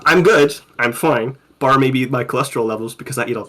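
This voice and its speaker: A man with a mid-pitched voice runs a tabletop game in easy, casual chat. He rambles and restarts his sentences often, dropping the odd swear word. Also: a little fast, fairly bright tone. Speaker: game master.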